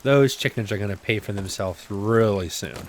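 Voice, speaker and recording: Chatty low-voiced man narrating gameplay. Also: normal speed. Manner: chatty, self-mocking, rambling asides. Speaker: gameplay video host. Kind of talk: casual let's-play commentary. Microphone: desk microphone.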